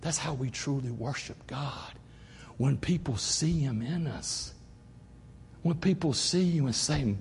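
A middle-aged pastor with a Southern American accent preaches in a folksy, preacherly way, often calling out "Amen?" to the congregation. His high voice rises and falls freely. It carries through a church hall with a long reverb trail. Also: lively intonation, unhurried, a little mellow, a little hiss or hum. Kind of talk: sermon. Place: church sanctuary.

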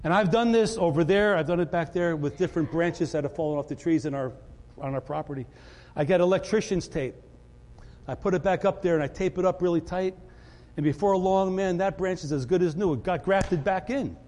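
Man preaching, animated sermon, high-pitched voice, long church reverb. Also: a little fast. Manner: animated, repeats words when excited. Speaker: pastor.

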